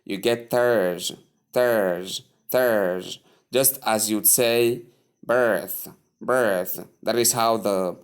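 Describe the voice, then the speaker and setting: A man teaching English pronunciation, repeating each word slowly and asking the listener to say it after him. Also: fairly low pitch. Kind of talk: slow, deliberate spoken lesson.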